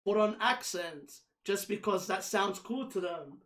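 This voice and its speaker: A man with a high voice talks quickly and animatedly, slipping into other people's voices as he tells stories. He grew up in South America with Spanish as his first language. The room gives his voice a noticeable echo. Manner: fast, animated storytelling with quoted dialogue. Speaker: host. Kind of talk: casual chat.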